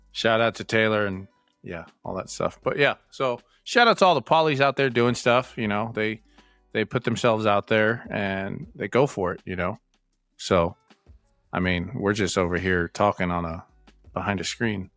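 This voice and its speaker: Male podcast co-host, low pitch, playful joker. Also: fairly bright tone, no echo. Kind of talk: casual chat.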